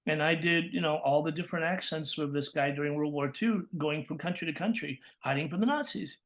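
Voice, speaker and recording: An older man from Texas, a voice actor telling lively stories in an interview, acting out quotes and laughing often. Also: fairly high pitch, fairly quick, few pauses. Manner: animated, acts out quotes with laughs. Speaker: guest, voice actor and coach. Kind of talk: storytelling interview.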